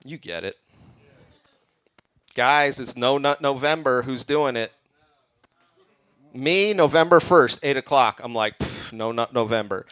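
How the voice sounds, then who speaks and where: A man performing a crude, deadpan stand-up comedy set on a comedy club stage. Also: mid-range voice, slow pace, long pauses, clean tone, no room sound. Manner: deadpan punchlines, crude jokes.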